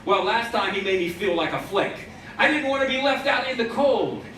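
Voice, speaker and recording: High-voiced man telling punny stage stories. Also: lively intonation, moderate pace, pushed and bright. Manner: punning, wry storyteller who plays to the audience. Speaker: stage magician. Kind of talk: comic storytelling patter during a magic act. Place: live theater stage with an audience. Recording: echoey live theater, distant mic, audience noise.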